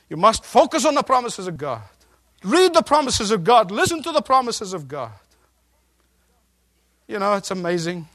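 High voiced guy preaching a sermon, keeps repeating questions, builds up hard. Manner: preaching with emphatic repetition and rising intensity. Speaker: pastor.

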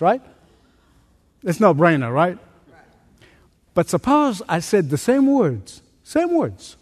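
A man preaching a sermon as pastor, animated, asking rhetorical questions and joking about his own faults. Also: sits high. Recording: long reverb of a large hall.

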